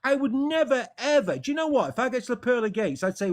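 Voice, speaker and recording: A man's voice: very high-pitched, very animated, fast talker. An English man debating as a caller, talking passionately and stumbling over repeated words. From England. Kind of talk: heated casual debate.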